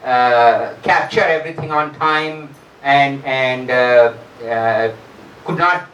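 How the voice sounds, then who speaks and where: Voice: medium pitch, slow pace, fairly bright tone, highs cut off, slight background noise. Professor lecturing in an echoey hall. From India. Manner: addresses students with rhetorical questions, frequent fillers. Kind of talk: university lecture. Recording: roomy echo, distant mic.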